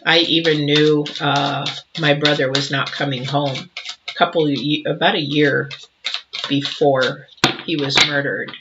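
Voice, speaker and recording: A man giving an intuitive tarot reading to camera, earnest and a little emotional, talking in halting runs with frequent restarts. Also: a little high, fairly even intonation, muffled recording, heavy background noise. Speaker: tarot reader.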